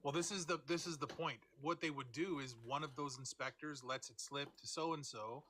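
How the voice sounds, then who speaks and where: A man's voice: a little high, moderate pace, hardly any pauses, pushed and bright. A man co-hosting a casual debate chat, argumentative and explaining his views at length. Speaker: co-host.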